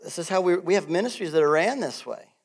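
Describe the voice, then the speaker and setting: A middle-aged man preaching a sermon as pastor, animated and laughing often, swinging between loud bursts and soft asides. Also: sits high, fast talker, husky.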